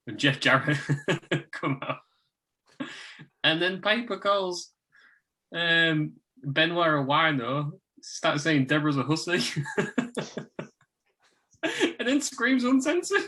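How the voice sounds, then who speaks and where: Man, bright forceful voice, casual podcast chat, emphatic. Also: a little high. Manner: reads notes aloud, laughs often, emphatic. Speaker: podcast co-host. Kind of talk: casual wrestling review chat.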